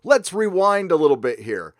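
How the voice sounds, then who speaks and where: A man's voice: sits high, sing-song, moderate pace, dry recording, clean studio sound. A man hosting opinionated fan commentary, talking in a sarcastic, emphatic way. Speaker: YouTube commentary host.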